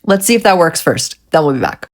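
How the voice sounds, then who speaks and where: A woman's voice: low voice, big pitch swings, a little fast. A woman vlogger chatting casually through a nail art tutorial, getting frustrated and swearing at herself.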